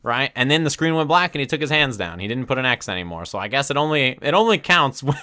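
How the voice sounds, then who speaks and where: A man streaming from his desk, retelling a tournament story in casual commentary and acting out the crowd's reactions. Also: medium pitch. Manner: animated, acts out crowd reactions with quick asides.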